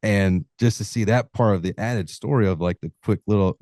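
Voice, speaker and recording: A man's voice: sits low, moderate pace, darkish tone, no room sound, studio quality. A man, a hunting podcast host, chatting casually as a guest and swearing freely while acting out stories. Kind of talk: casual interview chat.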